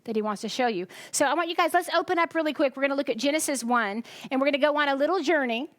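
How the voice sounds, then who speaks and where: Speaking very fast in a high-pitched voice, a tired woman from the United States preaches a conversational sermon on a dry recording. Her manner is chatty, and she often breaks off to put questions to the congregation.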